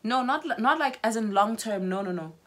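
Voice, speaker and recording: A woman's voice: a little high, expressive, a little fast. Young woman, South African accent, casual chat, insistent, repeats points. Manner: insistent, repeats herself, mixes in Zulu words. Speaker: host.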